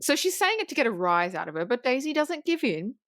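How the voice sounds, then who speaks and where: A woman's voice: high voice, fairly quick, dry recording. Woman animatedly retelling a film scene. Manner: animated retelling, swearing, frequent restarts. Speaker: podcast co-host. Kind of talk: casual film recap.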